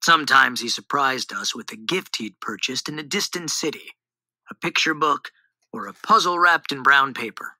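A woman reading a children's storybook aloud in an animated, expressive way on a close mic. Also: rumbling low, normal speed, no room sound, low-quality recording.

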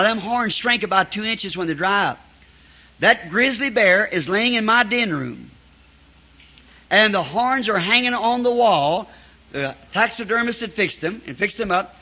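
Folksy preacher guy telling stories from the pulpit, high bright voice, dull old sermon tape. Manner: folksy storyteller who chuckles as he tells it. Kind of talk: storytelling sermon. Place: church meeting before a congregation.

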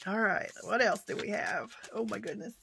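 A woman chatting through an unboxing of her mail haul, softly spoken, often exclaiming in delight and sometimes slipping into a whisper. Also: medium pitch, normal speed, vocal fry, slight background noise. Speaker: vlogger showing a mail haul. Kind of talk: casual unboxing chat.

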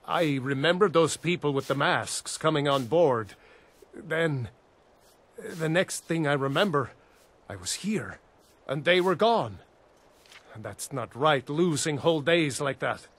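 A man's voice: a little high, expressive, slow, pauses often, a bit bright, full character voice. An actor playing a weary, reluctant ship captain in a video game, firm in his refusals.

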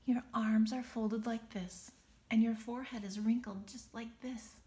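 A woman voicing a kind butterfly teacher in a storybook read-aloud, speaking slowly, firmly and soothingly. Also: on the high side, steady tone, darkish tone, voice pushed up, close to an everyday voice. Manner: slow, firm and soothing.

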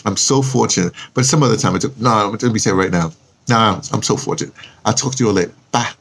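Gravelly, husky man rambling casually. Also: lowish voice, quick pace, a bit bright. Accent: New York. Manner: chatty, self-talk while typing a post, spells words aloud. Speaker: vlogger.

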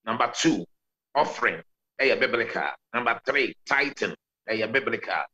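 A man's voice: medium pitch, animated, moderate pace, pushed and bright, rough recording. A Ghanaian pastor answering interview questions over a video call, laying out his points one by one in a preaching manner. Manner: preaching explanation, counts points, mixes Twi and English.

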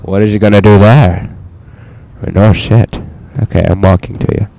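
A young man giving profane, excitable let's play commentary, talking to himself as he plays. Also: lowish voice, normal speed, gravelly, a little hiss or hum. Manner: profane, excitable, talks to himself while playing.

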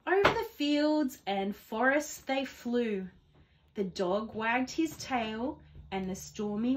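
High-voiced woman reading a picture book. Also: slight background noise. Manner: gentle, expressive, rhyming storytelling. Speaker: teacher reading aloud. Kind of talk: read-aloud storytelling for children.

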